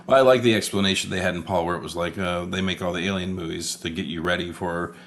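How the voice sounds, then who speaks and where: A man with a very low, deep voice talks through a movie in relaxed podcast banter. He sounds tired and a little sleepy, drops swear words casually, and lets his sentences trail off before finishing them. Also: fast talker, slight background noise. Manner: laid-back, swears often, trails off mid-thought. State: tired and yawning late at night. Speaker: podcast co-host. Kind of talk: casual movie-review chat.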